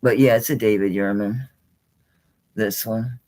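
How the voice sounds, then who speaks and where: A woman's voice: rumbling low, measured pace. A woman running a live jewelry auction stream, chatting casually and showing pieces as she talks, sounding a little tired and swearing mildly now and then. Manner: chatty and salty, with frequent mild swearing; animated, talking while handling and showing items. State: tired and yawning late in the stream.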